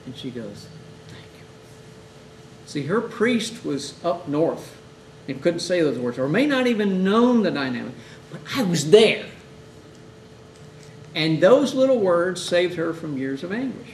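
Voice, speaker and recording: A man's high-pitched, sing-song voice moves a little slowly as he teaches hospital chaplains in a conversational lecture, often playing out scenes with grieving families. He's a chaplain instructor, heard through a distant mic in an echoey room with faint hiss.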